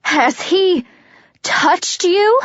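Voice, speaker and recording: A man's voice: very high voice, lively intonation, extremely slow, a bit bright, no room sound, muffled recording, pitched above the performer's own voice, heavily acted. Woman playing an unhinged proud young commander. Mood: frantic. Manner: mocking, then frantic and pleading.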